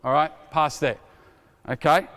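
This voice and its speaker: A man in his forties runs a basketball drill, energetic and quick with a joke as he calls instructions to players. His voice sits a little high. It rings with the long reverb of an indoor court, with balls bouncing behind him. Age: 40s. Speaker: basketball coach. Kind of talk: coaching clinic demonstration. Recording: reverberant gym hall.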